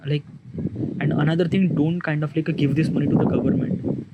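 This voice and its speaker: Man, casual storyteller, halting speech, many fillers, slightly high voice, loud noise behind. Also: steady tone, lo-fi sound.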